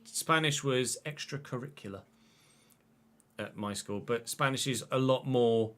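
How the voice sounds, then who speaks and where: A man, chatting and commentating excitedly while streaming a football game. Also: mid-range voice, unhurried. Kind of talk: live gameplay commentary.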